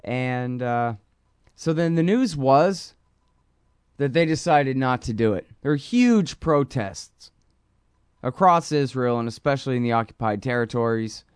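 Smooth-voiced man riffing on news. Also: medium pitch, lively intonation, measured pace, no room sound, studio quality. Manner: casual, rambling, many fillers; reads quotes aloud. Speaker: news show host. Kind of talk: political news commentary.

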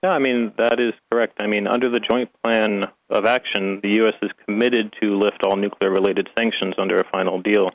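A man answering interview questions as a policy analyst guest, measured and with frequent ums. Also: lowish voice, fairly even intonation, dry recording, lo-fi sound.

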